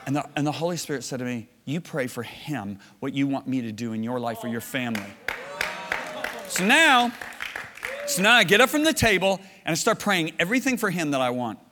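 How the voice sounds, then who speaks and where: High, bright-voiced preacher man in a hall. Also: sing-song, a little fast, some chatter behind. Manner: storytelling, swings from low hushed lines to loud shouted bursts. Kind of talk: sermon.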